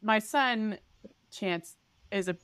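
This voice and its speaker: Animated storytelling woman, dry close mic. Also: takes it slowly, clear, resonant tone, dry recording. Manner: animated storyteller, acts out voices with big pitch jumps. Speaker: podcast co-host. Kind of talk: casual chat, storytelling.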